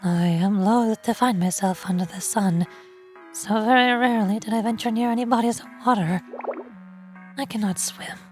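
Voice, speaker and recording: A woman's voice: mid-range voice, steady tone, moderate pace, soft background music, pitched below the performer's own voice, close to an everyday voice. A woman voicing a proud, formal girl officer who is afraid of water, speaking stiffly and remorsefully. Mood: solemn.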